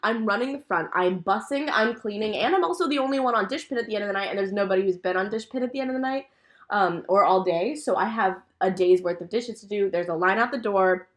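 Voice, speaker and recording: A young woman co-hosting a casual podcast, telling a work story in animated detail and swearing freely. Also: medium pitch, fast. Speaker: podcast co-host. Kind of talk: casual chat.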